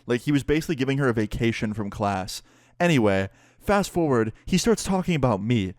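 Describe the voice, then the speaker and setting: A man's voice: medium pitch, expressive, brisk, no echo, studio quality. A young man casually telling a story-time vlog, laid-back and rambling with many fillers. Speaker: YouTuber.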